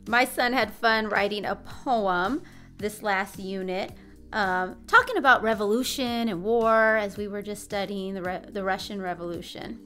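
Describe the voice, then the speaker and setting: A woman's voice: medium pitch, a little slow, sharp tone. A woman with a mid-range voice talks through a curriculum review in a casual, upbeat way. She explains things in a friendly tone over faint background music. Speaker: homeschooling mom and channel co-host.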